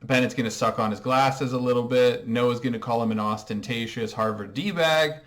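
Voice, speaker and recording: A man's voice: mid-range voice, normal speed, fairly bright tone. A man hosting a comedic TV recap monologue, talking in a dry, sarcastic way. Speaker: recap host.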